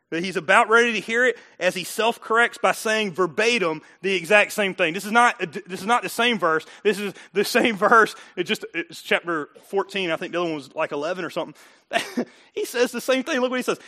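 A pastor preaches a sermon in a high, bright, ringing voice. He drops to quiet, intimate asides, then rises to loud, emphatic lines. He laughs often as he goes.

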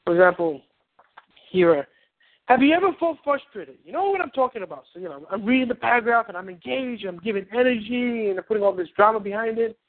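A man coaching on a phone call, animated and rambling, acting out little scenes. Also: high-pitched, fast talker. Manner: animated, rambling, acts out quotes. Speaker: relationship coach. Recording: tinny phone line.

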